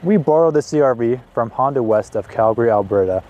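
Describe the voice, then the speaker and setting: A man in his twenties hosting a car review, talking in an excitable, chatty way with casual asides as he walks around a parked car outdoors. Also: medium pitch, fairly quick, narrow, tinny audio. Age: 20s.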